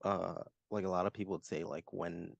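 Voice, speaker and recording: A man's voice: low voice, little pitch movement, normal speed, creaky, no echo, highs cut off. A man co-hosting a casual movie podcast, laid-back and chatty. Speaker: podcast co-host. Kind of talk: casual chat.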